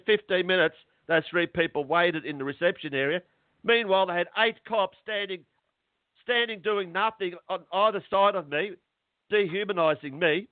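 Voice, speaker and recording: A middle-aged man, a guest on a phone interview, talking in an agitated, halting way and repeating words. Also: on the high side, dry recording. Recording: tinny dry phone line.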